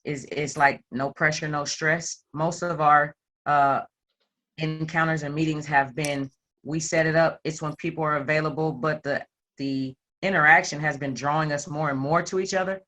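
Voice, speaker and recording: Woman talking to a group, bright punchy voice, tells her story all animated, does little voices for quotes. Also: low-pitched, moderate pace. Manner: animated storyteller, acts out quotes, playful asides. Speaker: self-employed group member sharing a story. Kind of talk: candid personal testimony to a group.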